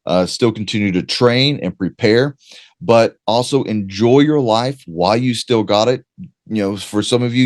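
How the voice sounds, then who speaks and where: A man's voice: fairly low pitch, darkish tone, dry recording, clean studio sound. A man hosting a podcast, talking directly to his listeners and urging them on. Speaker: podcast host. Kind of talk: casual podcast talk.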